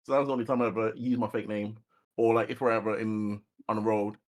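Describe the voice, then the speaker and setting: A man co-hosting a podcast, talking in a laid-back, halting way with laughs. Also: lowish voice, little pitch movement. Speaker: podcast co-host. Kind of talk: casual chat.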